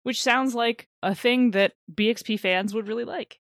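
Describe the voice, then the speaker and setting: A woman's voice: on the high side, moderate pace, fairly bright tone, dry recording, studio quality. A woman co-hosting a tabletop gaming podcast, chatting casually, reading plugs and laughing often. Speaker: podcast co-host.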